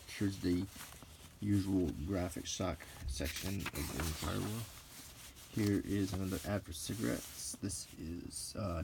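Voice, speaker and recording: Low, gravelly-voiced man talking softly. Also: background noise. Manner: meandering and unhurried, with frequent ums and self-corrections. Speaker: vlogger. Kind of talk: soft-spoken show-and-tell commentary.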